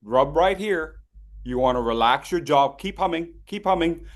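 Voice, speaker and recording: A man coaching public speaking on a video call, teasing his students by name and stressing his words slowly as he teaches. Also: fairly high pitch. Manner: playful, teasing participants by name; slow, deliberate emphasis when teaching. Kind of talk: online voice workshop.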